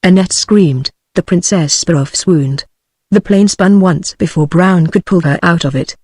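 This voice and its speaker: A synthetic British English woman's voice reading a novel aloud in an even, machine-read delivery. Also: lowish voice, measured pace, husky, dry recording, clean studio sound. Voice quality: flat, even text-to-speech delivery. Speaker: audiobook narrator. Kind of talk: synthesized audiobook narration.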